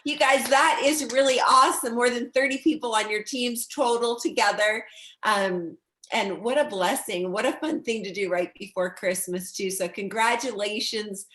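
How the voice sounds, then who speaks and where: A woman speaking as a guest on a video call, warm with gratitude and emotional as she talks about faith. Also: a little high, moderate pace. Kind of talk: heartfelt video call remarks. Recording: echoey room.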